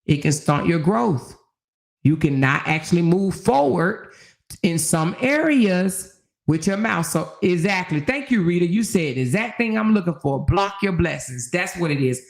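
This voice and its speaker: A woman's voice: lowish voice, expressive, moderate pace, vocal fry. An older woman hosting a casual livestream chat, talking emphatically and preaching, with lots of "you know" asides. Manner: preachy, emphatic, rising into exhortation; conversational, full of "you know". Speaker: channel host.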